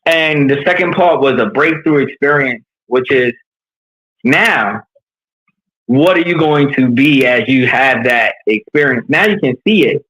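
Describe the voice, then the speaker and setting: A man's voice: medium pitch, measured pace, husky, rough recording. Earnest man from New York coaching. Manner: earnest, animated storytelling. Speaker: leadership coach. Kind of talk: candid conversational interview.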